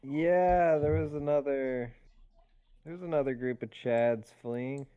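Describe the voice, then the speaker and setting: A man's voice: mid-range voice, fairly even intonation, a little slow, smooth, narrow, tinny audio. A man playing in a tabletop game, chatting in a joking, offhand way. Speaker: player. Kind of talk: casual chat in a tabletop game.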